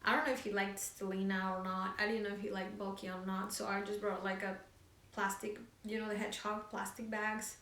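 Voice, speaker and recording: A woman's voice: mid-range voice, level tone, fairly quick, fairly bright tone. A woman co-hosting a casual knitting chat show, talking in a rambling, filler-heavy way. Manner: chatty, rambling, many fillers. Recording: echoey room, distant mic.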